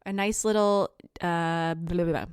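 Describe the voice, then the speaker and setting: A woman co-hosting a podcast in casual chat, relaxed, sometimes searching aloud for her words. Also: on the low side, measured pace, smooth, no room sound, clean studio sound. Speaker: podcast co-host.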